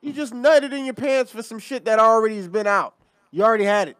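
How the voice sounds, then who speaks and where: A man's voice: extremely high pitch, quick pace, fairly bright tone, smooth, dry recording. A man co-hosting a podcast in casual, profane banter, talking emphatically and getting worked up. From Haitian heritage, raised in Miami. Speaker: podcast co-host. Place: podcast studio.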